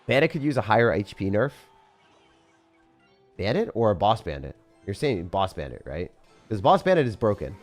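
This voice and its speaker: Excitable young man narrating gameplay. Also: lowish voice, a little fast, soft background music. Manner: excitable, dramatic outbursts and self-pity, talks to viewers and chat. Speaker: gaming YouTuber. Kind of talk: live gameplay commentary.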